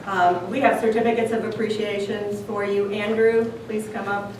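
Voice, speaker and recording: A woman's voice: mid-range voice, level tone, normal speed. A woman hosting a club speech contest, upbeat and laughing often as she hands out certificates. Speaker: contest host. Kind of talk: speaking at a club event. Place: meeting hall. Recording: echoey hall from far off with loud crowd noise.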